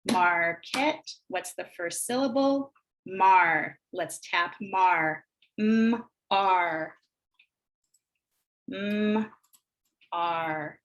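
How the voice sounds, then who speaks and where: An American woman demonstrating early literacy exercises, sounding out words slowly and deliberately. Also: mid-range voice. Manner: slow, deliberate sounding out of phonemes. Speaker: teacher trainer. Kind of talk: instructional screencast demonstration.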